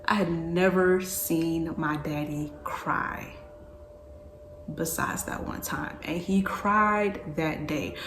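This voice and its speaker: Woman in her twenties, vlog storyteller, lively slangy delivery, somewhat low voice, echoey room. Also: takes it slowly, slight background noise. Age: 20s. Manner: animated, slangy, repeating phrases. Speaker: vlogger. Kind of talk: casual storytelling. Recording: echoey room with faint ambience.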